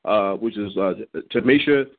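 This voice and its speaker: A man's voice: lowish voice, normal speed. An older man leading a ministry prayer call, exhorting and encouraging in a church manner, often repeating words as he searches for them. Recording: tinny phone line.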